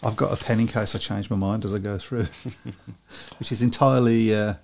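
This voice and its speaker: A man's voice: fairly low pitch, fairly even intonation, moderate pace, creaky, background noise. A man hosting a casual speedway chat show, chatty and chuckling between his points. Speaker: host.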